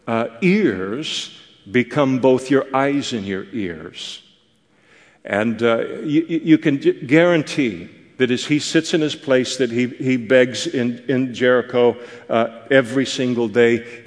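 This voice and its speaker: A man explains a Bible passage in a loose, conversational manner, stumbling over restarts and fillers. His voice sits at an ordinary middle pitch. The sound carries a long reverb, as if in a large hall. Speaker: Bible teacher. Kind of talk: expository Bible teaching.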